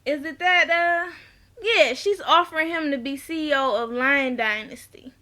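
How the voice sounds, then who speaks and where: Woman, sassy, blunt, chatty recap, high bright voice. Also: moderate pace. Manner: sassy, blunt, laughs at her own jabs. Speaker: TV episode reviewer. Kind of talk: casual recap vlog.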